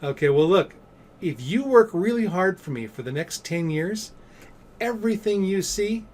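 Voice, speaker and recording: A boastful rich boss shows off his estate, teasing and pleased with himself, as a man tells the story on his vlog. The voice stays a little high for a man. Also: expressive, moderate pace, darkish tone. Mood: boasting. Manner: showing off, teasing. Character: boastful wealthy male boss.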